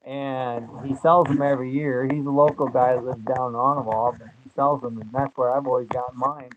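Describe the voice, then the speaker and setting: A man's voice: medium pitch, steady tone, a little fast. An older man, chatting in a rambling, folksy way as host of a homesteading channel. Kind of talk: casual chat. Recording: dull lo-fi sound, faint noise.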